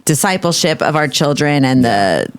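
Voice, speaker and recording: Woman, mid-pitch, expressive, relaxed podcast co-host reading a list. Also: normal speed, clear, resonant tone. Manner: relaxed, reads list items aloud, lively. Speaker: co-host, wife, full-time mother. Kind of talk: casual couple's podcast chat.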